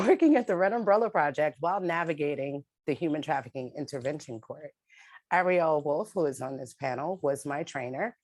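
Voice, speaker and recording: Speaking through her video call microphone, a New York City woman who works as an advocate and panelist delivers a spoken-word poem followed by her personal testimony. Her voice is low, the audio has no echo, and her telling is direct and emphatic.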